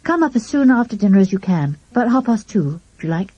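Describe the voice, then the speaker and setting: A woman's voice: mid-range voice, sing-song, fast, mellow, dry recording, muffled recording. A woman voicing a sensible, friendly schoolgirl who speaks matter-of-factly. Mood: helpful.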